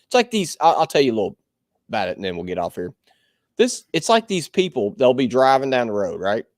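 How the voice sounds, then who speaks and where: A man co-hosting a podcast in casual chat, animated and laughing, swearing freely. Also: medium pitch, quick pace, no room sound, studio quality. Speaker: podcast co-host.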